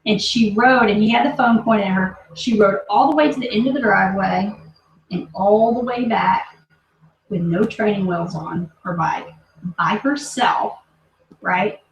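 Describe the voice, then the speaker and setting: A woman's voice: mid-range voice, measured pace, creaky, dull audio. A woman in her thirties telling a personal story to camera, emphatic and emotional, often checking in with her listeners. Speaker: vlogger and business team leader. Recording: roomy echo, distant mic, faint hiss.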